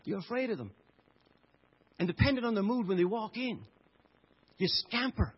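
Irish pastor guy preaching, kinda husky, big loud bits then goes quiet, muffled lo-fi sound. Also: high-pitched, expressive, normal speed, pauses often. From Ireland. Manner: impassioned, swinging from loud to hushed. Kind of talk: sermon. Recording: dull lo-fi recording.

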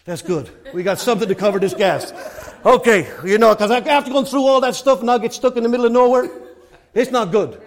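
An Irish preacher with a notably high voice delivers a sermon. He tells anecdotes with rising excitement and laughter, then drops to a soft, earnest hush for his appeals. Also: quick pace. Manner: animated storytelling, swinging from loud and excited to hushed and earnest.

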